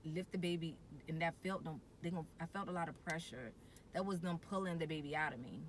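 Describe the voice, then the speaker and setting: A woman, casually and animatedly telling her birth story, jumping to a high excited voice when she quotes herself. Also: fairly quick, a little hiss or hum.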